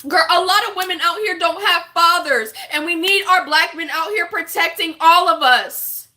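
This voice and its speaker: A woman with a high voice and a bright, forceful tone delivers a vlog rant to her viewers. She talks bluntly and with passion and swears freely. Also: normal speed. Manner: impassioned, blunt, profane. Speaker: vlogger. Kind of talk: casual vlog rant to camera.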